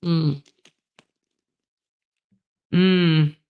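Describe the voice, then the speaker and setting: A woman's voice: low voice, fairly even intonation, extremely slow, clear, resonant tone, dull audio. A woman hosting a casual livestream, reading viewer comments aloud and answering them in a blunt, profane way. She laughs often and loses her train of thought. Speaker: livestream host.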